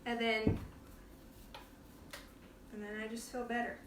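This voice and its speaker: A woman hosts a relaxed cooking demonstration from her kitchen, chatting playfully and laughing as she works. Her voice sits a bit high and comes from some distance from the mic. The room is echoey, with a faint hum of ambience behind her. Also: slow pace. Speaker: cooking show host. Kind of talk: casual live cooking demonstration. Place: home kitchen. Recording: roomy kitchen sound, from off the mic.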